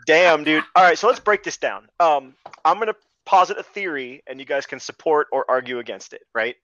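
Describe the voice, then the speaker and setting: A man's voice: fairly high pitch, brisk, fairly bright tone, no echo, highs cut off. A man co-hosting a casual podcast, wry and argumentative as he debates. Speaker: podcast co-host.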